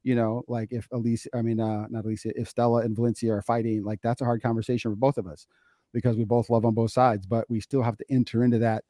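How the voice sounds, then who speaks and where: A middle-aged father co-hosting a casual podcast speaks in a mellow, warm tone at medium pitch, quickly and with little pitch movement. He tells energetic stories, repeating key phrases for emphasis, into a close mic with a dry, echo-free sound.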